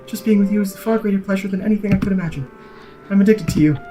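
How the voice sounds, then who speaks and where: A hushed, lovesick young woman murmurs her devotion, as a man reads her lines aloud. Her voice sits high and quiet over faint game music, each confession low and intense. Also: rapid-fire, natural voice. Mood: obsessive. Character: soft-spoken, obsessive lovesick young woman. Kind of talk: reading game dialogue aloud.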